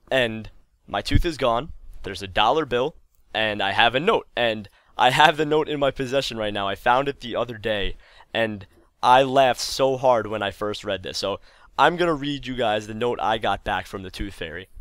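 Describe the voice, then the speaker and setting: For his video channel, a young man casually tells a funny story from his childhood, voicing both himself and his mother with big leaps in pitch. The sound is a bit bright and the recording dry.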